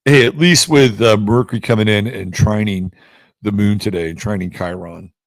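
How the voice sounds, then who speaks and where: A man with a low, gravelly voice talks through a daily astrology forecast. He is blunt and chatty and breaks into quick mock voices with wide leaps in pitch. The sound is dry and close. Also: no room sound. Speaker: astrology show host. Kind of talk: casual astrology forecast monologue.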